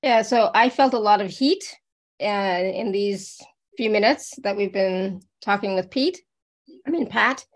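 A woman hosting a live online talk in a gravelly, creaky voice. She is chatty, laughs easily and often restarts her sentences. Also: medium pitch, measured pace. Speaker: host. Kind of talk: casual live online chat.

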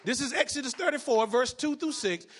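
A man preaching a sermon as pastor, often shouting and repeating phrases, calling out to the congregation for responses. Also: very high voice, lively intonation, fairly quick.

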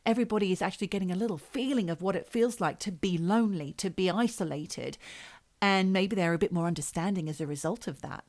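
A woman's voice: on the low side, fast talker, darkish tone, no room sound. A woman co-hosting a casual chat, joking and swearing casually as she talks. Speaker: podcast co-host.

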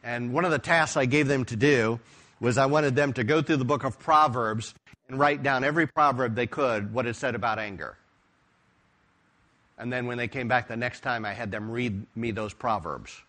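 A pastor preaching a sermon, retelling stories with emphatic, expressive delivery. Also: male voice, mid-range voice, moderate pace.

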